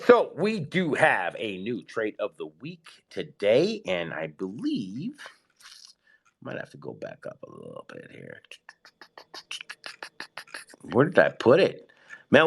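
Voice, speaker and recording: A man hosting a casual live audio chat, hyped and excitable, giving slangy shout-outs to his listeners. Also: mid-range voice, measured pace, gravelly, husky. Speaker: host of an online audio space.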